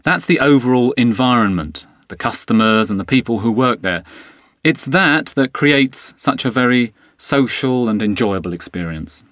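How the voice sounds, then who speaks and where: A man explains things steadily, reading a script for learners. His voice sits at a middle pitch. The recording is close and dry. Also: expressive, moderate pace, fairly bright tone, no room sound. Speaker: studio guest.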